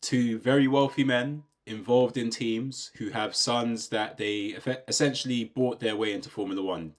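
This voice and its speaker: A British man giving a casual, opinionated rant, asking rhetorical questions and often checking in with his listener. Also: on the low side. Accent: British English. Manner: conversational, rhetorical questions, says "do you know what I mean" often. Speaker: YouTube commentator.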